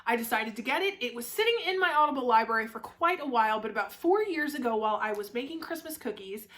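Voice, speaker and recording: A young woman talks to her camera about a favourite book in a casual, gushing way. Her voice sits fairly high, and she piles up fillers and restarts as she goes. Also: lively intonation, fast, a bit bright. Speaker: book reviewer.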